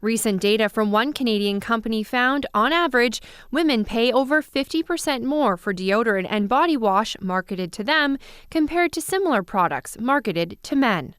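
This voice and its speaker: Female news reporter, steady scripted voice-over, slightly high pitch. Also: moderate pace, no echo, studio quality. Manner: clear, steady narration.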